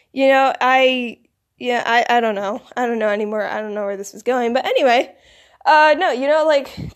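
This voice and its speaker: A teenage girl rambling casually to camera, with plenty of "like" and "you know". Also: high voice. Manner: filler-heavy, rambling, lots of "like". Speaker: vlogger.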